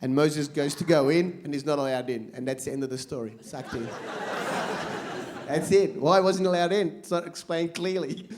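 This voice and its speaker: A high-voiced man doing stand-up on a live comedy stage. He talks in quick bursts with many asides and swears freely. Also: noisy background. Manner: animated, rapid asides, lots of swearing.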